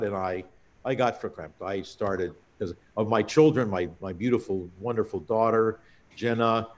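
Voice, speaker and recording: Older guy cantor, lowish voice, rambly stories w lots of restarts. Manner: anecdotal, halting storyteller with many restarts. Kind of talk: reminiscing conversation.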